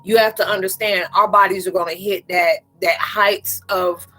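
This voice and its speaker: A woman hosting a casual spiritual live chat from her room, animated and talkative, often acting out quoted voices and laughing. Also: mid-range voice, moderate pace, soft background music, rough recording.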